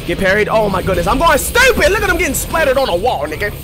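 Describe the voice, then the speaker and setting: Excitable young man yelling at a game. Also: extremely high pitch, quick pace. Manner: excitable, profane trash talk at the game, frequent shouts. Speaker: gaming channel host. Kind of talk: let's play commentary. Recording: game music clearly behind the voice.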